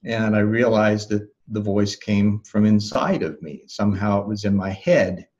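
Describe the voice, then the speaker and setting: A man being interviewed as a life coach, recounting a memory in a calm, thoughtful way with soft laughs and restarts. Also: fairly low pitch, a little slow, dull audio. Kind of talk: reflective interview storytelling.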